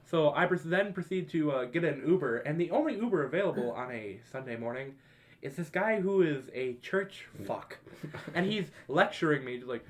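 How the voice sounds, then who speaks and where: A young man with a somewhat high voice tells a party story to his friends on a podcast. He swears freely and breaks into laughter as he goes, retelling the night with lively energy. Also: brisk. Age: young adult. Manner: laughing, profane, animated retelling. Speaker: podcast co-host. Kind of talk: casual storytelling among friends.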